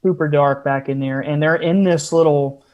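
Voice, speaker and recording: A man's voice: fairly high pitch, steady tone, moderate pace, darkish tone, highs cut off. A man, a podcast guest, telling a long story in a casual interview style with frequent asides.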